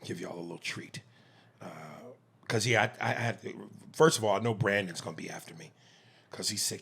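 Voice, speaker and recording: A man co-hosting a podcast in casual, slangy chat, excitable and hurried. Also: lowish voice, husky. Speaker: podcast co-host.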